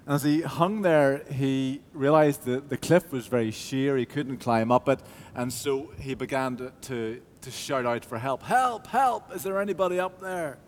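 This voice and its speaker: A man's voice: medium pitch, fairly even intonation, unhurried, few pauses, big-room sound, a little hiss or hum. A man preaching a sermon, telling a story with hesitant restarts before moving into reflective teaching.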